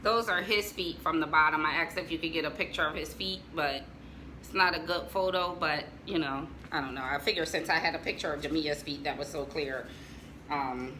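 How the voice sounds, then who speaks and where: A woman's voice: low-pitched, brisk, bright, forceful tone, a little hiss or hum, low-quality recording. A middle-aged American woman chatting casually to viewers as she shows family photos, joking and laughing as she goes. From United States. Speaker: vlogger showing family photos.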